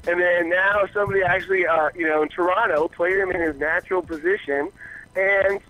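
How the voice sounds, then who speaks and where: A man's voice: high voice, a little fast, low-quality recording. A man calling in to a fan show, ranting about soccer coaching with heavy swearing and mocking asides. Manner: profane, animated ranting with mocking quoted voices. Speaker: caller. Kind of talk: casual sports rant.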